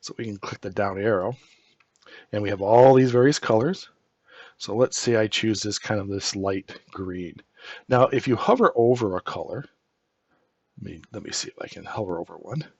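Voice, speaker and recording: A male instructor talking through a screen-recorded software tutorial, relaxed and thinking aloud step by step, with frequent ums and small restarts. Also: fairly low pitch, normal speed, breathy edge, dry recording, highs cut off.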